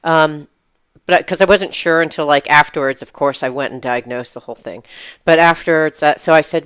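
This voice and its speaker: A woman's voice: on the low side, moderate pace, fairly bright tone, clear, resonant tone, no room sound, studio quality. A woman co-hosting a podcast, telling a story in casual chat and laughing as she acts out the quotes. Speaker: podcast co-host.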